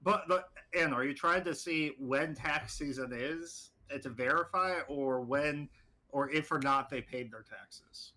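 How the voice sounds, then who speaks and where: Game master, a man, bright-voiced, explanatory, casual tabletop session. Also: a little high, unhurried. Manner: explanatory, restarts often.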